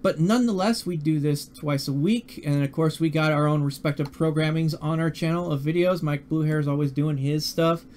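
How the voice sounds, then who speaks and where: A man's voice: a little high, fairly even intonation, darkish tone, a little hiss or hum. A man hosting a live-streamed talk show, speaking casually and often stumbling over his words. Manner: halting, repeats words and restarts. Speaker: podcast host.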